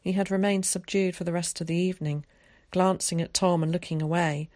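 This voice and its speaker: Woman narrator, low-pitched, calm measured read, dry close sound. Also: no echo. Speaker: audiobook narrator. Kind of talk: scripted narration.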